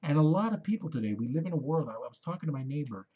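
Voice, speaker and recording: A man's voice: a little high, animated, very fast, dark tone, husky, dull audio. A man ranting into the camera in a rambling, profane, heated monologue. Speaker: vlogger.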